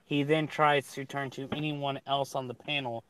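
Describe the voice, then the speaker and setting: A man chatting casually on a livestream, telling a rambling, animated story full of restarts. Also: mid-range voice, normal speed, clean tone. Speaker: guest on a livestream hangout. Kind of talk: casual chat.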